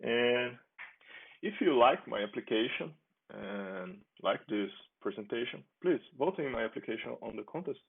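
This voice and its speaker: A man giving a relaxed, chatty demo of his own software, restarting phrases and chuckling now and then. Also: medium pitch, moderate pace, gravelly, slightly rough. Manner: relaxed, chatty, with frequent restarts and small laughs. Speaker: software developer demoing his app. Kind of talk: casual screen-recorded software demo. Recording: tinny phone-like sound.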